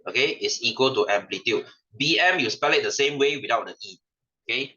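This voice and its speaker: A man's voice: mid-range voice, animated, a little fast, pushed and bright, husky. A young man with a Malaysian English accent teaching an online science class, playful and teasing, laughing often. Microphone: webcam microphone. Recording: dull lo-fi webcam audio.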